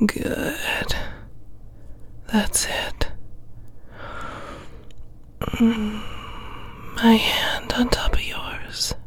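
Woman, whispered role-play ASMR; breathy hush throughout, unhurried commanding delivery. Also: medium pitch. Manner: slow, commanding, coaxing whisper. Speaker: ASMR performer.

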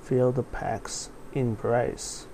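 A man's voice: mid-range voice, flat delivery, a little hiss or hum. A man doing a soothing wolf-man leader. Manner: slow, soft, soothing and hypnotic. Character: calm, coaxing male wolf-man pack leader. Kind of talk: audio story reading.

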